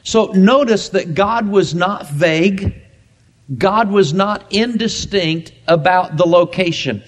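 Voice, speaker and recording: A pastor preaching a sermon, emphatic and repetitive, slowing down to stress key words. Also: male voice, high voice.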